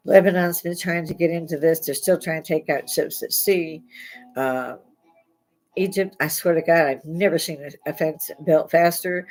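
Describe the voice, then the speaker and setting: Older woman, low-pitched rambling chat. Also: poor audio. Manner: chatty, laughs often, blunt and profane. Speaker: podcast host. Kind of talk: rambling casual monologue.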